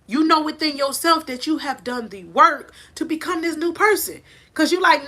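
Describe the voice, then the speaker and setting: Woman coach, preachy and emphatic, bright voice, higher pitch, phone mic, porch. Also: expressive, normal speed. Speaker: life coach. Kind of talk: motivational talk to camera. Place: on a porch outdoors. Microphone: phone held in hand.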